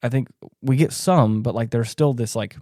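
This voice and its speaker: A young man co-hosting a podcast, talking casually about a film in a rambling, animated way and acting out the characters' lines in high voices. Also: moderate pace, dry recording, studio quality. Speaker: podcast co-host.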